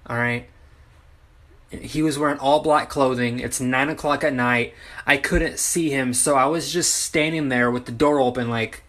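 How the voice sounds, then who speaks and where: A man's voice: mid-range voice, fairly bright tone. Flustered man rambling to his phone. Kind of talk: casual confessional phone video.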